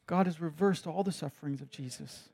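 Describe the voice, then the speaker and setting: A man preaching a sermon, slow and deliberate, rising at times to passionate urgency. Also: on the high side, gravelly, darkish tone, slightly rough. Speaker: pastor.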